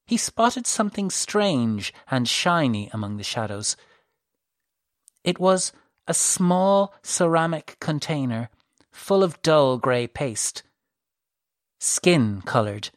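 A narrator reads a fantasy novel with slow, deliberate pacing and even, measured phrasing. The sound is close and completely dry, with no room around it. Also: medium pitch, no room sound. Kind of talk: scripted audiobook narration.

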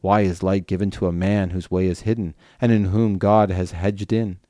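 Job, an old man crushed by grief, cursing the day he was born in a low, sober voice, as a man reads him aloud. The delivery is measured and solemn. The sound is dry and close. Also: steady tone, warm tone, dry recording, close to an everyday voice. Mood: lamenting. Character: suffering old man cursing his birth.

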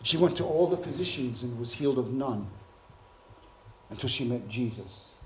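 A man preaching a sermon, swinging from soft, hushed passages to loud, shouted climaxes. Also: medium pitch, animated, normal speed, a little hiss or hum.

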